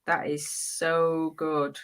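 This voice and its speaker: A woman with a notably low voice co-hosts a relaxed live-stream chat. She reads out viewer comments and laughs easily between them. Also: drawn-out words, clear, resonant tone. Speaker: co-host of a live reselling chat.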